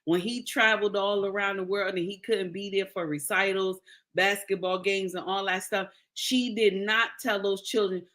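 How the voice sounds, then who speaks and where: A woman's voice: mid-range voice, fairly even intonation, moderate pace, fairly bright tone. A woman giving casual, preachy commentary, addressing listeners as her sisters and repeating key lines for emphasis. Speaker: social commentator.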